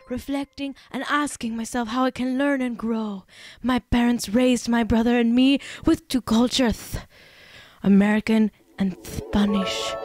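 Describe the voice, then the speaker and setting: A woman's voice: on the high side, no echo, clean studio sound, natural voice. A woman doing a mocking impression of a woman who fakes a Spanish accent with a lisp, reading an apology with mock sincerity.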